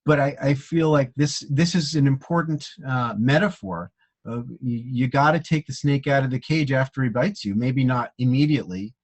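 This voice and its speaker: A man hosting a casual chat, talking in a reflective, halting way with many restarts. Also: medium pitch. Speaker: host.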